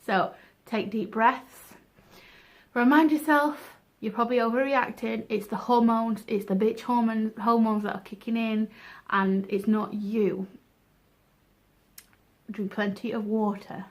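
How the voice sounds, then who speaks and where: A woman's voice: fairly high pitch, fairly even intonation, a little slow. Frank, chatty young woman. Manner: chatty, frank, self-deprecating. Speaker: vlogger. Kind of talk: casual advice vlog.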